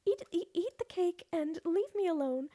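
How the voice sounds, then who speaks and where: Lady putting on a super high sugary game princess voice, sweet but over it. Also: animated, normal speed, dark tone. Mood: mock-sweet.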